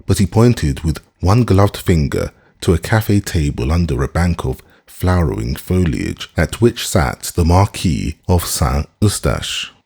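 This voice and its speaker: A man reading a classic novel aloud as an audiobook narrator, in a measured, expressive storytelling voice. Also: deep voice, vocal fry, slightly rough. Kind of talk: scripted narration.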